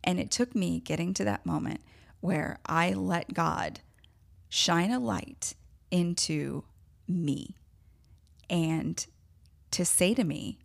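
A woman's voice: on the low side, slow, gravelly, long pauses. A woman hosting a podcast, telling a personal story in a candid, emotional way with self-deprecating laughs. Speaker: podcast host.

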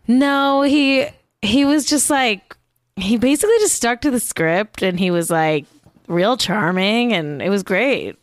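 A woman guesting on a podcast in casual chat, animated and full of "like". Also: on the high side, unhurried, dry recording. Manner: animated, chatty, uses "like" a lot.

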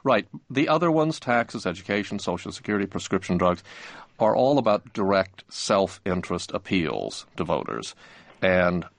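A studio guest with a deep voice gives casual, plain explanations in conversation. His delivery is relaxed and easy to follow. The recording is close and dry. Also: normal speed, gravelly, dry recording. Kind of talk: conversational analysis.

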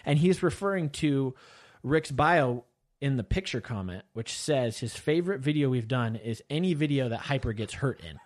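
A man's voice: mid-range voice, expressive, normal speed, hardly any pauses. Guy cohosting a chill podcast, mid voice, just rambling and reading comments. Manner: rambling, reads listener comments aloud. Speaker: podcast co-host. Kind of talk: casual chat.

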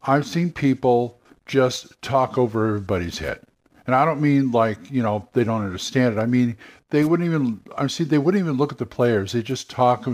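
An older man, a game master and former radio worker, talking casually and rambling, often acting out quick voices. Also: mid-range voice, big pitch swings.

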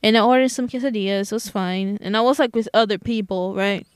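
A woman's voice: medium pitch, steady tone, a little fast, smooth, no room sound, clean studio sound. A woman co-hosting a podcast, telling stories in casual chat and tagging lines with "you know" and "right?". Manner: chatty, self-described anxious, "you know" and "right?" fillers. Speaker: podcast co-host.

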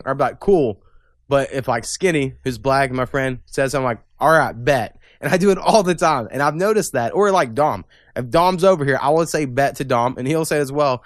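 A man's voice: medium pitch, dry recording, clean studio sound. A man hosting a podcast in casual chat, rambling, cursing and laughing often. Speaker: podcast host.

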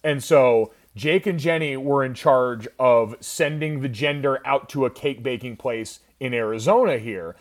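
A man's voice: mid-range voice, measured pace, few pauses. A man hosting a family podcast, steering the chat in a casual, jokey way. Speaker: podcast host.

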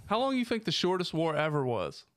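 A man's voice: on the high side, wildly swooping pitch, a little fast, fairly bright tone, clean tone, dry recording, clean studio sound. A man co-hosting a podcast, chatting casually and joking around with lots of laughter. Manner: joking, laughs often, profane. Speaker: podcast co-host. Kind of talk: casual chat.

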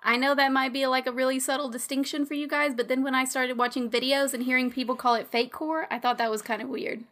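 High-pitched woman gm, chatty and giggly, lots of likes. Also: level tone, fast talker, few pauses, a bit bright. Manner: chatty, giggly, rambling with fillers. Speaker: game master. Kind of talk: casual podcast chat.

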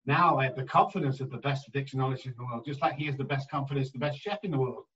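A man working as an addiction therapist, telling stories in an interview in an emphatic, animated way and acting out the voices he quotes. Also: medium pitch, fast talker, distant mic, muffled recording. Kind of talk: storytelling in a conversational interview.

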